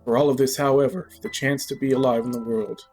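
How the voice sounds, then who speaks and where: A man's voice: medium pitch, fairly even intonation, a little mellow, faint music behind. Man reading a game story aloud. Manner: measured, earnest reading. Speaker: streamer.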